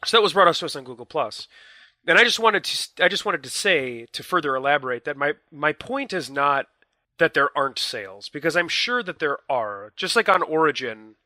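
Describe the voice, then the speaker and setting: A man's voice: a little high, expressive, brisk, sharp tone, no room sound. A young man co-hosting a casual gaming podcast, explaining his points earnestly with hedges and repeated phrases. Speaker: podcast co-host. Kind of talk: casual chat.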